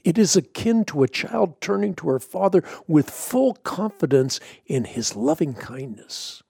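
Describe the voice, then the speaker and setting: A man giving a scripted teaching on prayer, measured and earnest, leaning hard on key words. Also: fairly high pitch, very animated, vocal fry, dark tone, slightly rough, no echo, clean studio sound. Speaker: Christian teacher.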